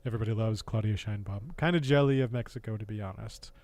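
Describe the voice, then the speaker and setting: An American man streaming casual political commentary, sarcastic and laughing often, with halting speech full of fillers and restarts. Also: fairly low pitch, a little mellow, no echo. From United States.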